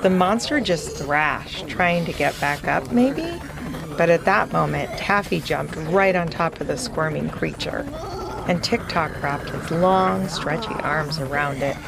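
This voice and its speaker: A woman narrating a children's fantasy story in a playful, unhurried way. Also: deep voice, vocal fry, background noise.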